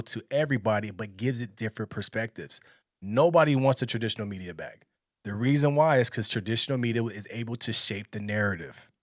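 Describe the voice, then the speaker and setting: A man talking bluntly and emphatically as he reacts to a clip, rambling between points. His voice sits at an ordinary middle pitch. The sound is dry and close, with no room echo. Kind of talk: casual opinion commentary.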